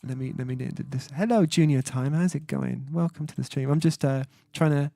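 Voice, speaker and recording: A man's voice: mid-range voice, brisk, creaky, mellow, no room sound. Chatty man reading his stream chat. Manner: hesitant and chatty, many fillers, sounds out foreign words. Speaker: singer-songwriter hosting his livestream. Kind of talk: casual livestream chat reading out viewer comments. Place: at home, indoors.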